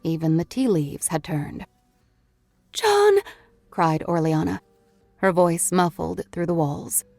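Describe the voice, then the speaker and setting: A woman's voice: low voice, steady tone, unhurried, gravelly, mellow, dry recording, soft background music. A woman reading a horror novel aloud as an audiobook narrator, in a scripted storytelling manner.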